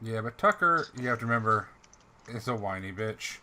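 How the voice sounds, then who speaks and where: A man's voice: on the low side, expressive, moderate pace, pushed and bright. A man hosting a tabletop game session, introducing players with teasing jokes in casual banter. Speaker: game master and show host.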